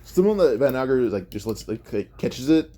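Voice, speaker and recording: A man with a dark, mellow tone and a middle-of-the-road pitch tells a fan-made story off the cuff. He rambles and thinks out loud, and often stops to correct himself. The delivery is loose and conversational rather than scripted. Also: very animated, brisk. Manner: rambling, thinks aloud with many self-corrections. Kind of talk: casual improvised retelling.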